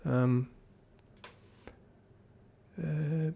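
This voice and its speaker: A man with a fairly high voice giving an unscripted film review. He rambles and thinks aloud, and his tone stays critical throughout. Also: steady tone, extremely slow, creaky, warm tone, breathy edge. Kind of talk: casual spoken film review.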